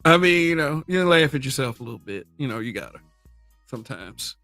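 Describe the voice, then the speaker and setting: Blunt, profane Southern man, bright voice. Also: medium pitch, expressive, a little fast, soft background music. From American South. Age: middle-aged. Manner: profane, blunt, laughs often, talks back to chat. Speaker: livestream host. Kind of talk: casual livestream commentary.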